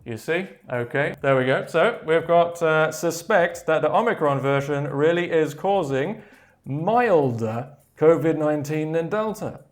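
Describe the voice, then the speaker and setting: A man teaching vocabulary in a slow, patient way, repeating key words and filling pauses with "okay, there we go". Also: fairly high pitch, expressive. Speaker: English teacher. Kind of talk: slow explanatory vocabulary lesson.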